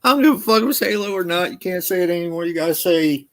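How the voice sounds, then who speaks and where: A man's voice: high voice, animated, fast, a bit bright. A middle-aged man chatting casually, laughing often and swearing freely. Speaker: podcast co-host. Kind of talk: casual chat.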